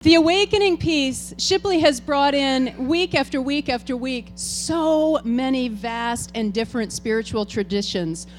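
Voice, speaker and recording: Woman, board president emceeing a church farewell, casual and talkative, voice sitting a bit high. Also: a little slow, hardly any pauses, faint music behind. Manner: chatty and informal, talking straight to the crowd. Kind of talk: ceremony address to a congregation. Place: church hall with an audience.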